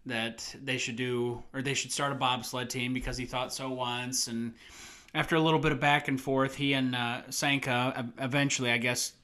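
A man with a bright, forceful voice chats casually on a movie podcast. He tells animated stories, laughs often and slips into quoting people. His pitch sits in the middle range. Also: moderate pace. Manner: animated storytelling, laughs often, acts out quotes. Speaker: podcast co-host.

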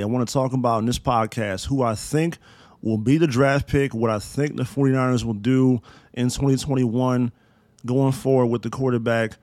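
A man rants through his own sports podcast, fired up and emphatic, with swearing all through it. His voice sits at an ordinary middle pitch. The recording is close and dry, with no room sound. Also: no echo. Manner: profane, excitable and emphatic. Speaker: podcast host. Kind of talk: solo sports podcast rant.

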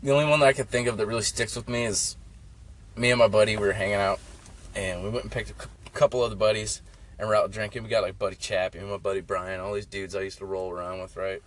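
A young man rambles through stories in a casual, profane way, with "like" scattered everywhere. His lowish voice stays fairly even and moves at a quick pace, with faint background noise behind it.

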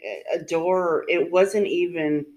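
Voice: medium pitch, takes it slowly, a little mellow, highs cut off. A podcast guest in casual chat, chatty, often restarting sentences.

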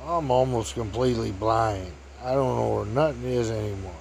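A man's voice: mid-range voice, moderate pace, creaky, a little mellow, slight background noise, lightly acted. A man voicing a tall, older, nearly blind man who is easygoing and talks in a laid-back drawl. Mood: calm.

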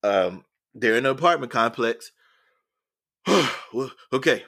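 Male educator guest, earnest storyteller, mid-pitched, repeats himself as he builds. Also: lively intonation, slow pace, vocal fry, bright, forceful tone. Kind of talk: storytelling in a podcast interview.

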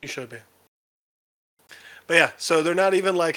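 A sarcastic man trading jokes on a casual podcast. He tells stories in an animated way and leans on dry irony. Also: fairly high pitch, fairly quick, long pauses. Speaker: podcast co-host. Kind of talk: casual chat.

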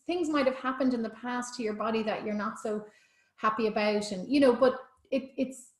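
A woman's voice: on the high side, normal speed. Chatty woman, roomy echo. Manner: chatty, enthusiastic, many restarts. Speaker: prenatal yoga teacher. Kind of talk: casual interview chat.

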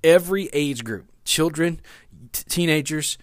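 A man's voice: on the high side, a little slow, no room sound, clean studio sound. A man preaching a sermon in an earnest way, repeating key phrases for emphasis and often restarting his sentences. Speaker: pastor.

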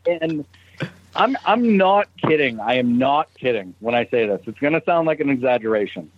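A man from Brockton telling a story in casual chat, animated and profane. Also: mid-range voice, normal speed, dull audio. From Brockton, Massachusetts.

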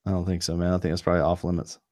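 A man's voice: deep voice, little pitch movement, very fast, a little mellow, no echo, clean studio sound. A man co-hosting a casual podcast over a video call, rambling with lots of fillers and restarts. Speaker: podcast co-host, streamer.

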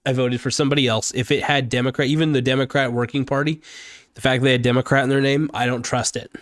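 A man's voice: medium pitch, little pitch movement, quick pace, a bit bright, dry recording. A man from Oregon giving an angry, profane, rambling political rant for his vlog, speaking close to the mic. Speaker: political vlogger.

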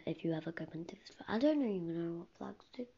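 Rambling whispery girl with gravelly fry. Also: on the low side, expressive, fast, mellow. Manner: rambling, often drops to a whisper. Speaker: podcast host. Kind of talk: casual solo podcast. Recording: dull lo-fi recording with faint hiss.

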